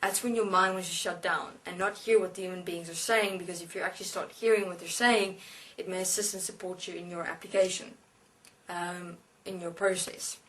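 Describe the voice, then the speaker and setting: A woman giving a spiritual lecture as a channeled being, speaking slowly and deliberately with halting pauses. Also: on the low side, steady tone, fairly bright tone. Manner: slow, halting, deliberate instruction. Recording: voice distant from the mic.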